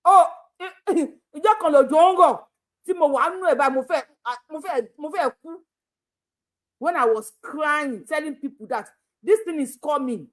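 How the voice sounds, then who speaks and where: A high-voiced Nigerian woman speaks at a normal speed while hosting casual live commentary on her own channel. She laughs a great deal and shifts back and forth between Yoruba and pidgin English.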